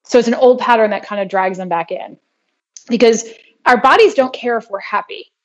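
A woman guest in a conversational interview who explains her wellness work in an earnest, brisk way. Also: a little high. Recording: dull lo-fi audio.

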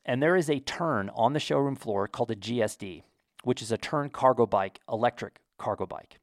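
A man's voice: on the low side, dry recording. Chatty American man, dry close sound. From United States. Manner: enthusiastic, storytelling, chatty asides. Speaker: vlogger. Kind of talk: casual talk to camera.

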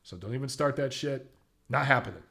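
A man's voice: mid-range voice, animated, brisk, gravelly, fairly bright tone. A young man giving blunt, opinionated commentary on boxing, casual and swearing freely.

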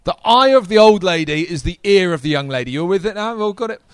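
A man preaching a sermon to a live congregation, energetic and talking straight to the audience. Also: high-pitched, fast, clear, resonant tone, dry recording.

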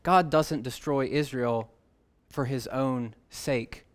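A man's voice: medium pitch, takes it slowly. A young man preaching a sermon in a conversational way, reading scripture aloud with emphasis. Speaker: pastor.

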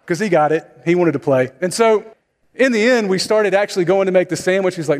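A man's voice: high voice, fast talker, big-room sound. A man preaching a sermon as pastor, in a conversational style with storytelling asides.

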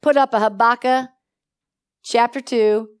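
A middle-aged woman preaching a sermon full of personal stories, swinging from hushed to loud and asking her listeners questions. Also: a little high, fairly even intonation, unhurried, clear, resonant tone.

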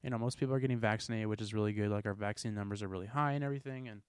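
A young American man hosting a casual podcast, telling rambling, animated stories. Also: lowish voice, racing, clear, resonant tone, no room sound. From United States. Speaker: podcast host.

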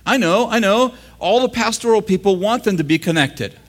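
A man's voice: high-pitched, moderate pace. An American man preaching a sermon in a church, joking with the congregation and laughing at his own lines. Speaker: pastor. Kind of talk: sermon teaching.

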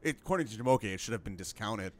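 A man's voice: fairly low pitch, expressive, quick pace, a crowd in the background. A young man co-hosting a casual sports podcast, teasing and arguing in mock outrage. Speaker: podcast co-host.

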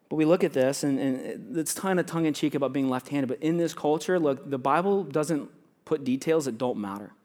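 A male pastor for students and young adults, with a fairly high voice, gives a sermon to a congregation in a church sanctuary. His delivery is chatty and full of jokes, shifting between loud emphasis and quiet asides.

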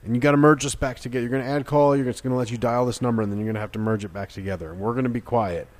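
A man hosting a radio show, loud and excitable, giving bossy instructions to a caller. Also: mid-range voice, racing, no echo. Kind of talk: casual radio banter.

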